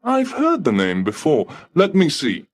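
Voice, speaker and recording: A man voicing a polite, unbending male receptionist at heaven's gate who speaks formally and calmly. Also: fairly high pitch, unhurried, pitched above the performer's own voice, full character voice. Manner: formal, calm, coolly polite.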